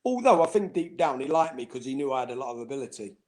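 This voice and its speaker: A middle-aged former footballer telling anecdotes in a casual interview, laughing and acting out quoted voices. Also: male voice, medium pitch, expressive, fast talker, darkish tone.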